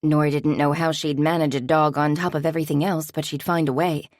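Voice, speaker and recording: Woman, audiobook narrator, measured delivery, deep voice, dry close sound. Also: little pitch movement, darkish tone, dry recording. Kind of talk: scripted narration.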